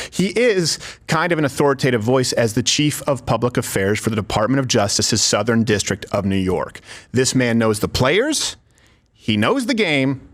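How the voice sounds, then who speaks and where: A man's voice: medium pitch, a bit bright. Emphatic male political commentator. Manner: persuasive, emphatic. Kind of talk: scripted commentary.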